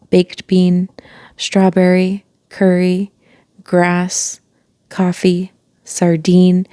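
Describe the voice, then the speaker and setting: A woman reading a children's chapter book aloud in a calm, unhurried way, with the odd aside. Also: lowish voice, dry recording, clean studio sound. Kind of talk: storybook read-aloud.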